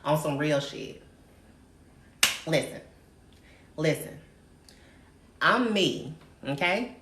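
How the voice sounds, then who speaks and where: A woman's voice: sits low, animated, drawn-out words. Sassy woman ranting on a livestream. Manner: sassy, brash, profane, calls everyone darling. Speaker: livestream host. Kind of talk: live-stream rant to viewers. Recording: roomy echo, faint noise.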